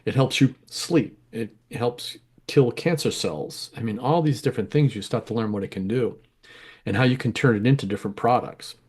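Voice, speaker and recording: In a relaxed interview about his life as a home grower, a middle-aged man tells candid, rambling stories at a moderate pace. His mid-range voice is darkish and breathy, and he frequently revises himself partway through sentences.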